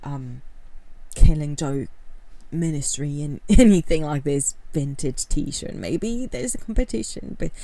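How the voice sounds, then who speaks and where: Woman video essayist: candid, unhurried, rambling commentary in a low register. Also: lively intonation, creaky, no room sound. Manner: candid, rambling, with frequent fillers and soft laughs. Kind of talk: casual talking-head commentary.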